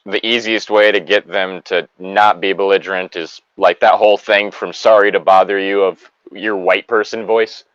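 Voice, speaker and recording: A man's voice: low-pitched, fairly even intonation, moderate pace, hardly any pauses, a bit bright, clear, resonant tone, dry recording, highs cut off. A man in a casual chat, rambling with many ums and likes.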